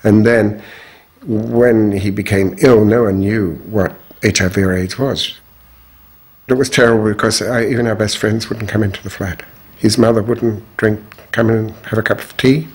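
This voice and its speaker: An older man from Australia, recounting his life in an interview in a measured, frank way. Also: on the low side, fairly even intonation, slightly rough. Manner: measured, frank, strong views. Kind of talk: reflective personal storytelling.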